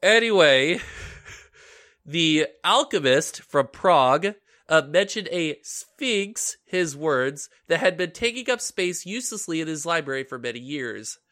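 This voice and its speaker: A stuffy-nosed man hosting a casual podcast, his voice a touch high and very bright, almost sharp. He sounds nasal and blocked up, laughs often and stumbles over tricky names as he tells the story. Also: animated, a little slow. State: congested, stuffy nose. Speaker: podcast host.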